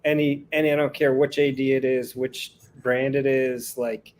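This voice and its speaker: A man's voice: medium pitch, level tone, moderate pace, darkish tone, a little hiss or hum. A man in a casual chat who explains his point with many restarts and fillers.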